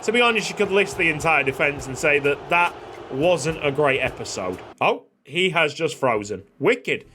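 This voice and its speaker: A young man commentating on his football video game, excitable, shouting at chances and cracking jokes between plays. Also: on the high side, moderate pace, background noise. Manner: excitable, shouting at goals, jokey asides. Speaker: gaming YouTuber. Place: home recording room. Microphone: desk microphone.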